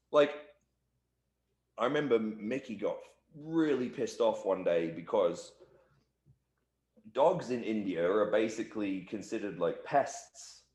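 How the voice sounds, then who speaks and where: A man's voice: fairly low pitch, lively intonation, slow pace, pauses often, darkish tone, echoey room. A man being interviewed as a guest, telling loose, rambling stories full of "like" and "you know.". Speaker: professional wrestler, interview guest. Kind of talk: casual shoot interview storytelling.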